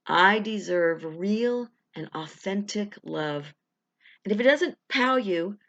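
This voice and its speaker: Woman affirmation coach, chatty and encouraging, gravelly fry, dull lo-fi sound. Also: lowish voice. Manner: encouraging, conversational, slow deliberate affirmations. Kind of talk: guided affirmation talk. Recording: dull lo-fi recording.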